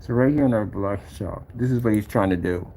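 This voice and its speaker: A man's voice: on the low side, a little fast, vocal fry, dark tone, slight background noise. A man giving casual screen-share commentary about his own product, mocking and exasperated, repeating his points as he clicks through a website. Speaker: company owner showing his product site.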